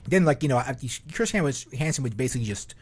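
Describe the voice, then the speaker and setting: Talking fast with a lively, mid-range voice and a breathy edge, a man hosts a rambling, casual podcast. Fillers and curse words pepper his speech.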